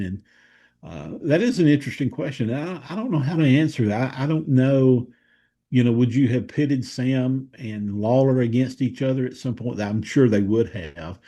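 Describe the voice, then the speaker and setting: A man talking things over on a podcast, his voice mellow and a little husky. He muses slowly, often trailing off and restarting his thought. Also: mid-range voice. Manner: thoughtful, hesitant, many fillers and restarts. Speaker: co-host of a wrestling history show. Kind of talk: casual podcast discussion.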